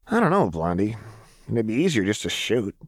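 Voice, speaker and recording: A man voicing a manic, bratty young woman gunner in an audiobook, with a high, sing-song, indignant delivery. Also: sing-song, normal speed, no echo, clean studio sound. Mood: teasing.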